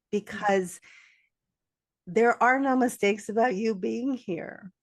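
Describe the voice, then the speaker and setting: A woman's voice: medium pitch, slow, fairly bright tone. A woman co-hosting a podcast, talking in an emphatic, candid way and often laughing between points. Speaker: podcast co-host. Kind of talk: casual podcast conversation.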